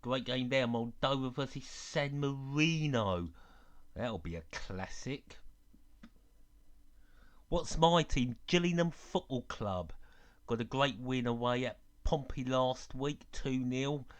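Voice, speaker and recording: A man's voice: mid-range voice, unhurried, clear, resonant tone. A man from England with a mixed London and Dublin accent, giving casual live-stream football commentary and chatting with viewers. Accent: mix of London and Dublin. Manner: chatty, reading viewer chat between plays.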